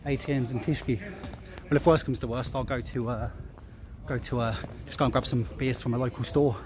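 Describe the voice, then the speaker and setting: Filming on a handheld camera, a man vlogs casually while walking a crowded city street at night, chatting, joking, laughing often and swearing here and there. His mid-range voice has fairly even intonation and runs a little fast, over busy crowd and street noise.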